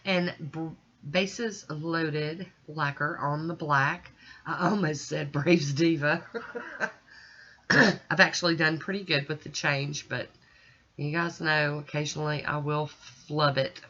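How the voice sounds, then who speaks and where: A woman vlogger chats casually through a nail art tutorial, talking straight to her viewers in a folksy, homey way as she works. Her low-pitched voice is slow, a bit bright, and fairly even in intonation. The recording is dull and lo-fi.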